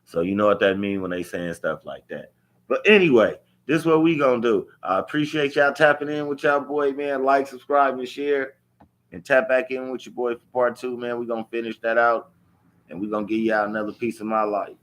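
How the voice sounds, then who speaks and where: A brisk, fairly bright mid-range voice carries this man's unscripted account of his own life, told straight to camera. Originally from Los Angeles, he speaks emphatically, curses freely, and repeats important phrases.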